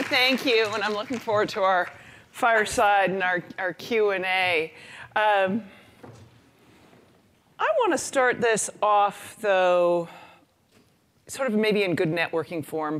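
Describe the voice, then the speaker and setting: Lively storytelling woman speaker. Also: lowish voice. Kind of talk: conference talk.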